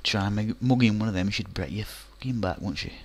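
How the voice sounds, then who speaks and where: A man's voice: lowish voice, fairly quick. A man telling a comic anecdote, rambling and colloquial with many fillers. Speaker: storyteller.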